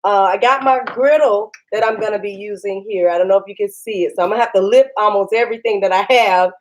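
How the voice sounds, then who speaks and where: A woman hosting a casual live cooking demo from her home kitchen, chatty and excitable, laughing often and talking straight to her viewers. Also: medium pitch, fast talker, poor audio. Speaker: cooking channel host.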